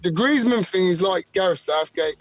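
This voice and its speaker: A man joining a football chat as a guest over a remote call, giving blunt, forceful opinions. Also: high-pitched, lively intonation, moderate pace, no room sound, soft background music. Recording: dull, dry call line.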